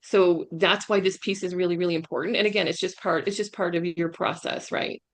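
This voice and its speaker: A woman's voice: fairly low pitch, fairly even intonation, a little fast. Emphatic woman coaching on a video call. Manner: emphatic, keeps asking "right?". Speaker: career coach, guest speaker. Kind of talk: webinar presentation.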